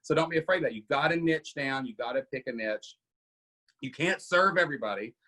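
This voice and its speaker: A man's voice: medium pitch, fairly quick, pushed and bright. A middle-aged man hosting a casual coaching Q&A, emphatic and often asking "right?". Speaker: podcast host coaching members.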